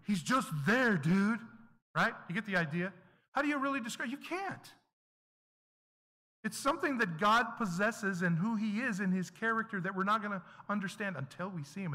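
A man's voice: high-pitched, animated, moderate pace, pushed and bright. A man preaching a sermon in a conversational teaching style, often asking the congregation questions. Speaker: pastor. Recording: echoey hall with long reverb.

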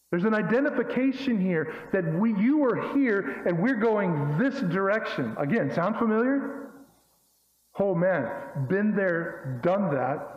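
A man's voice: high voice, expressive, a little slow. A man preaching a sermon in an emphatic, folksy way, full of rhetorical questions. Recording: echoey hall, dull lo-fi sound.

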